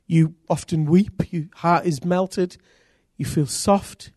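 A man preaching a sermon as pastor, earnest and intimate, with sudden loud rises. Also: a little high, fairly even intonation, slow pace, no echo, clean studio sound.

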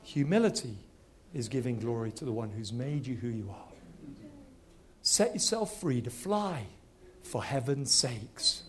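A man from Nigeria preaching a sermon, telling a story quickly and animatedly, then dropping to quiet, earnest exhortation. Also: mid-range voice, husky.

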